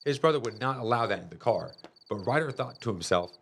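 A man reading a children's chapter book aloud in a lively, expressive storytelling manner. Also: medium pitch, brisk, a little hiss or hum. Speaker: storybook reader. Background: music.

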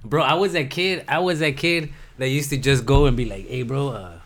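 A man's voice: medium pitch, moderate pace, a bit bright. A man, a band's lead singer telling stories as a guest in a casual podcast chat, slangy and mixing in Spanish words. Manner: slangy, storytelling, mixes in Spanish.

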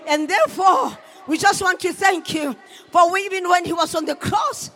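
A man's voice: extremely high pitch, lively intonation, normal speed, sharp tone, rough recording. A male pastor preaching a sermon, repeating phrases rhythmically and calling on the congregation to applaud.

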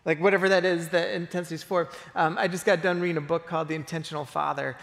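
A man's voice: a little high, level tone, fast, gravelly, a bit bright, big-room sound. A man, preaching a casual, story-driven sermon with lots of fillers and restarts. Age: 40s. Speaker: pastor. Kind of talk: conversational sermon.

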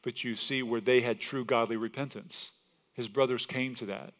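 A man's voice: mid-range voice, normal speed. A male pastor preaching a sermon, telling stories animatedly, with frequent restarts. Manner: animated storytelling with repeated restarts.

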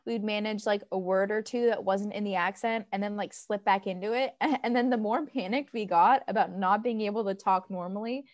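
A young American woman co-hosting a casual chat, giggly and animated, full of fillers. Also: mid-range voice, brisk, hardly any pauses, dry recording. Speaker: podcast co-host.

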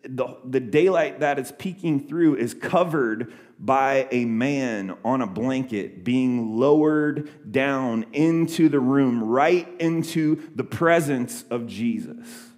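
A young man gives a sermon in an everyday speaking voice of middle pitch. He tells the story casually and conversationally, often restarting his sentences and filling pauses with small words. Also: darkish tone. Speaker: pastor.

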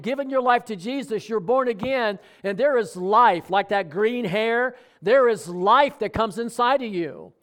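A man's voice: high-pitched, a bit bright. A middle-aged man preaching a sermon, talking with his congregation and asking them questions. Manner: conversational preaching with audience questions. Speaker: pastor.

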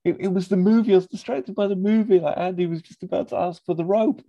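A defensive, distracted young man who stammers excuses, as a man puts him on. The voice is pitched well above his normal register and sounds a little muffled. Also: steady tone, fast, creaky. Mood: flustered.

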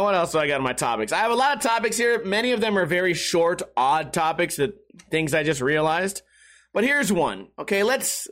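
A man's voice: a little high, fairly bright tone. A young man rambling through a crude, self-mocking comedic monologue as a podcast host.

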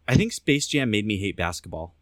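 Low, lively wry man. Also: brisk, no echo, studio quality. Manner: wry, swears casually. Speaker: podcast co-host. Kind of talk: casual podcast chat.

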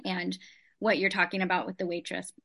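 A woman with a bright, clear voice shares a personal story with her study group. She talks in an earnest, chatty way, often reaching for "like" as she goes. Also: on the low side, flat delivery, brisk.

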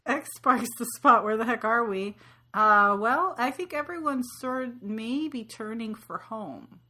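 A woman's voice: on the high side, measured pace, pushed and bright. A woman hosting a casual book-club podcast, loose and joking, with the odd swear word.

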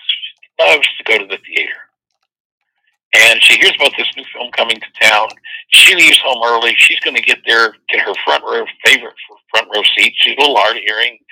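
A man hosting a spiritual talk show with call-ins, teaching and telling stories, with animated quoted voices. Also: mid-range voice, breathy edge, rough recording. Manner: storytelling, animated quoting voices. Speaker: host and workshop teacher.

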